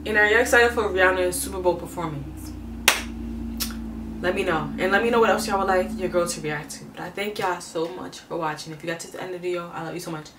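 A young woman hosting a casual music reaction vlog, expressive and emotional, talking straight to her viewers. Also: on the low side, fast talker, background noise. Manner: expressive, emotional, laughs often. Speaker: reaction video host. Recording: echoey room, mic at a distance.

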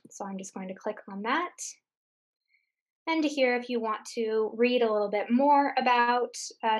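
Patient woman walking through software steps. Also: a little high. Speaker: tech tutor. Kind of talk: screen-share software tutorial. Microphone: computer mic on a recorded webinar.

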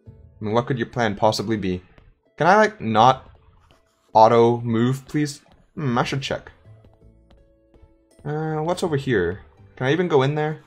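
A woman's voice: very deep voice, expressive, moderate pace, long pauses, faint music behind. A woman giving casual let's-play commentary with chatty, playful asides. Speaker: gaming YouTuber.

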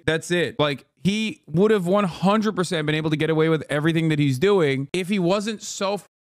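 Animated man ranting on a stream. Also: fairly high pitch, dry recording, studio quality. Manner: animated, cuts off his own swearing mid-word. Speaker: streamer commenting on news. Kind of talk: casual live-stream commentary and reading news aloud.

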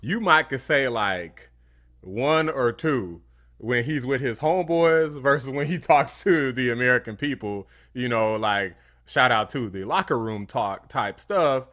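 Male reaction host, bright tone, casual and sarcastic, laughs a lot. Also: medium pitch, a little slow. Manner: animated, mocking, laughs often. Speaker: political commentary host.

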